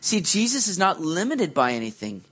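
A male pastor delivering a sermon in a slightly higher-than-usual voice. He tells the story with energy, slipping into the voices of the people in it, then settles into earnest encouragement. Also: moderate pace, husky. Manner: animated storytelling, acts out quoted voices.

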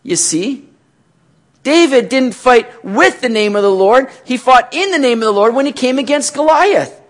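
Male pastor, high-pitched, animated preacher who asks rhetorical questions and now and then nearly shouts. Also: moderate pace. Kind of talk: sermon.

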